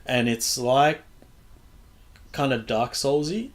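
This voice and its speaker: A man's voice: medium pitch, lively intonation, slow. A young man hosting a podcast, chatting casually, rambling loosely and swearing freely. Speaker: podcast host. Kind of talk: casual chat.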